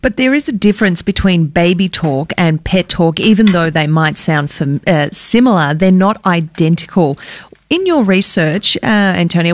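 Playful woman radio co-host, low voice. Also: dry recording. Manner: chatty and playful. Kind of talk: casual radio chat. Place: radio studio.

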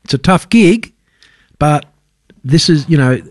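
A man's voice: a little high, animated, a little slow, darkish tone, dry recording, clean studio sound. A man co-hosting a radio show, joking around and praising effusively. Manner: jokey, effusive. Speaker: radio co-host. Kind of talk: casual radio chat. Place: radio studio.

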